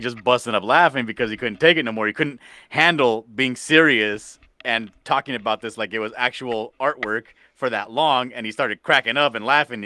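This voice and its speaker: A man's voice: medium pitch, pushed and bright, no echo. A man hosting a livestream chat, speaking bluntly and cursing often as he rants. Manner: profane, blunt, ranting. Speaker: livestream host. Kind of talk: heated casual chat.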